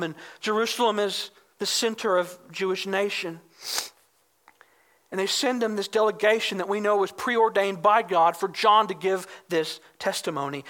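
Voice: medium pitch, fairly bright tone. A pastor preaching a sermon, explaining scripture with emphasis and reading verses aloud.

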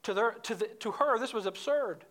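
A woman preaching from the pulpit with a bright, forceful voice. She works through scripture in an expository sermon and presses her points home with emphasis, climbing higher and louder as she builds. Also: normal speed. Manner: emphatic, rises in pitch and volume when stressing points.

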